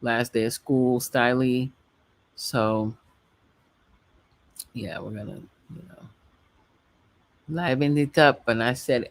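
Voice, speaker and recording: Middle-aged woman, livestream host; chatty and rambling, with a gravelly edge. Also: a bass voice, unhurried, long pauses. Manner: chatty, rambling, laughs often. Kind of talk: casual livestream chat.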